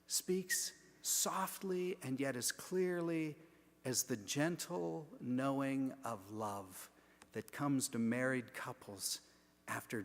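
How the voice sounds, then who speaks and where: A man preaching a sermon, moving from hushed, almost whispered lines to loud emphatic declarations. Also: a little high. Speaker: pastor. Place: large church sanctuary. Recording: long echo of a large church sanctuary.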